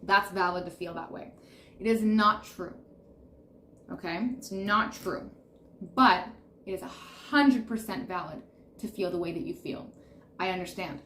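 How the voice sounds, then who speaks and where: A woman's voice: on the low side, a little slow, long pauses, fairly bright tone. Soothing woman reading tarot in a roomy space. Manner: soothing, reassuring, repeats affirmations. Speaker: tarot reader. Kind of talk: pick-a-card tarot reading to camera. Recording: roomy echo with faint background noise.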